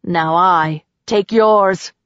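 A woman's voice: fairly low pitch, drawn-out words, a bit bright, no echo. A woman voicing an arrogant, cruel male god who snarls with contempt, on a slightly muffled recording. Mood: threatening.

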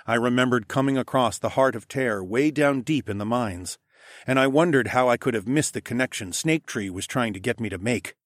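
A male narrator reads a first-person fantasy story expressively, at a middling pitch. He drops his voice low and soft for dialogue tags. The sound is dry and close to the mic. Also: no room sound. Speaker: audiobook narrator.

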